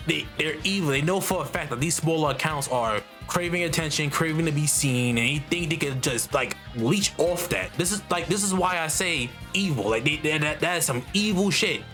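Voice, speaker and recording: A man's voice: fairly high pitch, fairly bright tone. A man delivering a heated, profanity-filled rant to camera, swearing constantly and repeating himself. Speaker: artist and vlogger. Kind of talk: profane ranting monologue. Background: faint background music.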